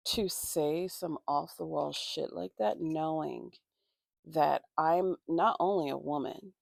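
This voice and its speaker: A woman tells a story in a casual, heated way, swearing freely and filling every gap. Her voice sits low and is thick with vocal fry. It was recorded on a phone with a dry, close sound and no room echo. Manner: profane, heated venting with constant fillers. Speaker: vlogger. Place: indoors at home getting ready.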